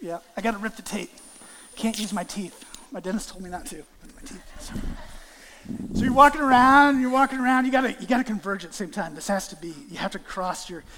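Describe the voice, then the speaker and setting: A man preaching a sermon and acting out a lively illustration with volunteers on stage, calling out playful greetings. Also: high-pitched, a little fast, big-room sound, slight background noise. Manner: animated, acts out greetings with volunteers. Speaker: guest preacher. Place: church sanctuary.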